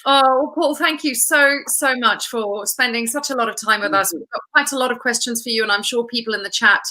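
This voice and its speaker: Bright-voiced, effusive woman host. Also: a little high, a little fast, poor audio. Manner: effusive, complimentary. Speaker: host, interviewer. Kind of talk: interview chat.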